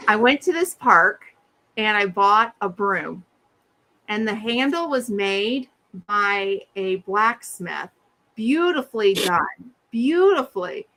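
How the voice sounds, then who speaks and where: A middle-aged woman co-hosting a casual chat, telling funny stories and acting out the people in them. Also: medium pitch. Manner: animated, acts out quoted voices. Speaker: podcast co-host.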